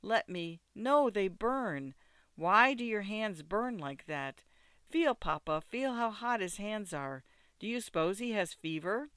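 A reader voicing a lively, childlike young bride who is playful and impetuous. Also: mid-range voice, measured pace, clean tone, no echo, studio quality, pitched above the performer's own voice. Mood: bewildered. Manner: vivacious, teasing, impetuous. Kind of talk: audiobook character voice.

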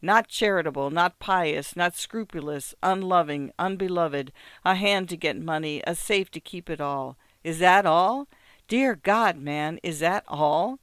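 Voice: mid-range voice, unhurried, a bit bright, smooth, no echo, lightly acted. A reader voicing a feverish, desperate man. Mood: bitter, pressing. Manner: feverish, pressing, rhetorical questions. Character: agitated, desperate man buying from a dealer.

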